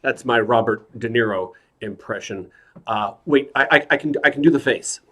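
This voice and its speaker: A man from New York telling a stand-up story in a hesitant, deadpan way over a video call. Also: mid-range voice, normal speed. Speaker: stand-up comedian. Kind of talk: stand-up comedy set.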